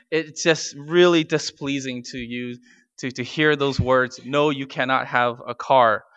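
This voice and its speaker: A man preaching a sermon in a conversational way, with frequent fillers and restarts, and slowing down to stress key words. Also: medium pitch, fairly bright tone, clear, resonant tone, dry recording, muffled recording. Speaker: pastor.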